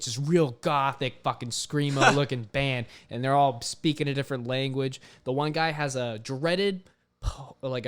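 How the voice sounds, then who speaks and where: A young man tells a story with plenty of animation, dropping curse words and "like" at every turn. His voice has a smooth, clean tone at an everyday middle pitch. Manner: animated, swears often, heavy use of "like". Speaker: podcast host. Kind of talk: casual storytelling.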